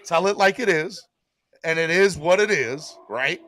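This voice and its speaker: Lively sports podcast host, bright voice. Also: male voice, on the high side, unhurried. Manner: animated, jokey, repeats himself.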